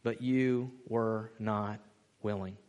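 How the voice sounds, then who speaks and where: A man preaching a sermon as pastor, animated, acting out the people he quotes and laughing often. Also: fairly low pitch, slow, clear, resonant tone, big-room sound. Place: church sanctuary.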